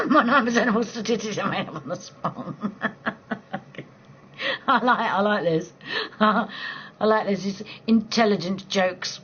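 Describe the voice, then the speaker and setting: A woman from southeast England with a local accent, chatting casually with viewers on a late-night live stream from home, blunt and quick to laugh. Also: mid-range voice, a bit bright, lo-fi sound, slight background noise. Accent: southeast English. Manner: chatty, blunt, swears freely, laughs easily.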